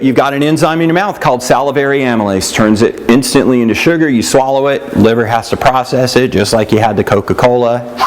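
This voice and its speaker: A man teaching a nutrition class in a casual, conversational way, often checking in with "right?" and "yeah?" and acting out what other people say. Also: medium pitch. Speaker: nutrition instructor.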